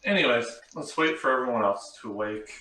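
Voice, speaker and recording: A measured, mildly teasing female wizard, voiced by a man in a tabletop game. The voice has a bright edge. It sounds roomy and distant from the mic. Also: mid-range voice, animated. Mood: calm. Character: female wizard, calm, helpful, fussy about cleanliness. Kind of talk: tabletop role-play in character. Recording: echoey room, far from mic.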